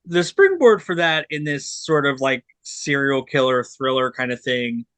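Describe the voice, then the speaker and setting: Bright-voiced man with blunt, rambling reviews. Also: mid-range voice, lively intonation, a little slow, no echo. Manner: rambling, filler-heavy, blunt critiques. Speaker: podcast co-host reviewing disc releases. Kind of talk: casual chat.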